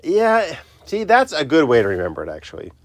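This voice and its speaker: A man's voice: fairly high pitch, wildly swooping pitch, brisk, no echo. A man teaching a recorded math lesson, chatty and self-interrupting, talking students through each step.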